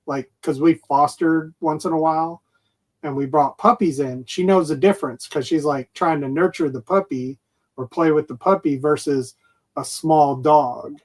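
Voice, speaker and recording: A man's voice: a little high, fairly even intonation, moderate pace. Man chatting casually about his dogs. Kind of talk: casual chat.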